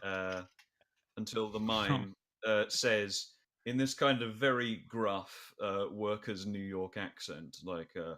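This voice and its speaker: A man's voice: on the low side, slow, fairly bright tone. A man narrating as game master of a tabletop role-playing game, with many fillers and chuckling asides.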